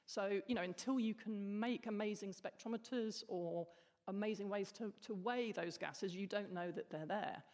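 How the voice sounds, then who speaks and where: A woman's voice: mid-range voice, moderate pace, a little mellow. A woman chemist explaining in a casual panel chat, laughing now and then. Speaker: atmospheric chemist guest. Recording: reverberant hall.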